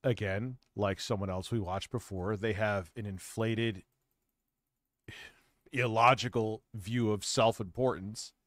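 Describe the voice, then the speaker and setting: A man's voice: lowish voice, steady tone, slow, a bit bright, no echo, studio quality. A man co-hosting a casual commentary stream, mocking and often laughing. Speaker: stream co-host.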